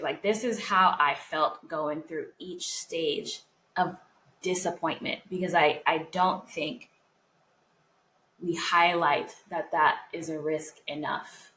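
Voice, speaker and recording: Heartfelt, low-voiced woman podcast co-host. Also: a bit bright, slight background noise, rough recording. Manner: heartfelt, reflective, speaks of faith. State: close to tears. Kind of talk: casual podcast conversation.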